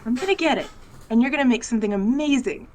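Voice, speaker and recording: Lively high-voiced woman role-playing. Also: fast talker, slight background noise. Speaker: player. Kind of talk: in-character tabletop role-play.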